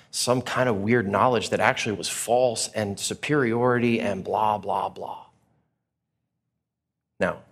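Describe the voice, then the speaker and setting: A man preaching a sermon, telling a personal story with animated, acted-out reactions. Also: medium pitch. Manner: animated storyteller, acts out his own reactions. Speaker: pastor.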